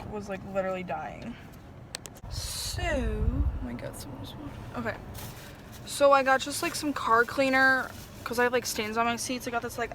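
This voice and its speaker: A young woman with a fairly high voice talks to her phone camera in a chatty, flustered way, filling her sentences with "like" and "literally". She is recorded in her car and out at a car wash, with clear traffic and engine noise behind her. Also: sharp tone. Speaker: vlogger. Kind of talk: casual vlog chat.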